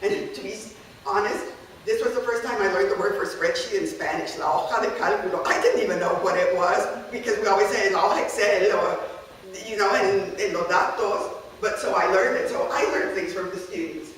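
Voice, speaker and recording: A woman's voice: medium pitch, a little fast, far from the mic. Woman lecturing in an echoey room. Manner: conversational, checks in with "okay?". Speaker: language teacher presenting a workshop. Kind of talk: teaching workshop talk.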